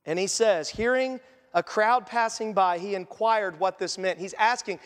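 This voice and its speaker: High-voiced man preaching in a reverberant hall. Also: normal speed. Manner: asks the congregation questions and acts out quotes. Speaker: pastor. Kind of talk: conversational sermon. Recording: long reverb of a large church hall.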